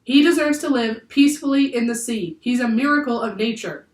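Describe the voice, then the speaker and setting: A woman voicing an earnest, brave young boy in a storybook reading, pleading loudly. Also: fairly high pitch, brisk, pitched above the performer's own voice, natural voice. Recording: echoey room, far from the mic.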